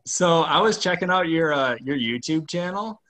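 A man's voice: on the high side, expressive, normal speed, pushed and bright. A man hosting a podcast, asking casual questions in an easygoing way, often with an "uh" and a laugh. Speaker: podcast host. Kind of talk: casual interview.

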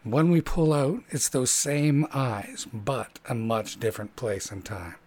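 A man's voice: medium pitch, fairly even intonation, a little slow, a little mellow. A man narrating a tabletop game as game master, descriptive and rambling with fillers.

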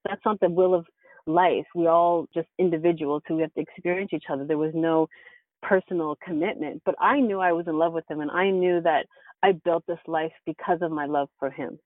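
A woman's voice: fairly low pitch, fairly even intonation, fairly quick, no echo. A woman guest in an interview, telling her life story in an earnest, reflective way. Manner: earnest and reflective, with bursts of laughter. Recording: tinny phone-like line, dry.

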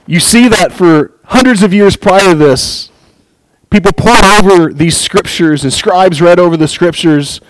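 A man giving an earnest, animated Bible teaching, reading scripture aloud and commenting on it, often with a light chuckle. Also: high voice, unhurried, no room sound, rough recording.

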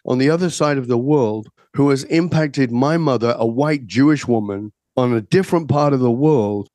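A man in his sixties from Northern England, a podcast guest telling his life story in a measured, reflective way. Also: medium pitch, darkish tone, no room sound.

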